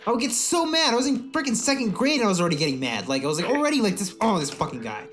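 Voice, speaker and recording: A man co-hosting a podcast in casual chat, animated and profane, often laughing. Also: high-pitched, rapid-fire, faint music behind. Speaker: podcast co-host.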